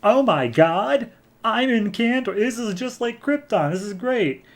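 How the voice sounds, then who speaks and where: Excited teen superheroine, breathless and wide-eyed, pitched high; a man puts her on. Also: fairly quick. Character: excited teenage girl superhero.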